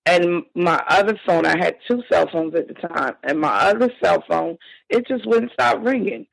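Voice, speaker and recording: A woman telling a painful family story as a podcast guest, halting and emotional with frequent restarts. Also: fairly low pitch, gravelly, no echo, rough recording. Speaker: victim's sister, interview guest. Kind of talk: personal account in a podcast interview.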